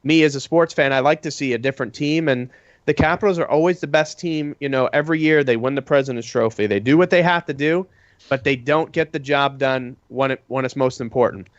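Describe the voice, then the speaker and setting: A man's voice: mid-range voice, brisk, no echo. Rambling male co-host, dry lo-fi sound. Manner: rambling analysis with many fillers. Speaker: podcast co-host. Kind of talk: casual sports talk.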